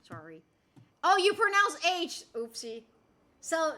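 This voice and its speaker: A woman's voice: high-pitched, very animated, slow pace, long pauses, bright, forceful tone. A young woman from Rico, chatting casually with her stream chat in a playful, giggly way and swearing now and then. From Puerto Rico.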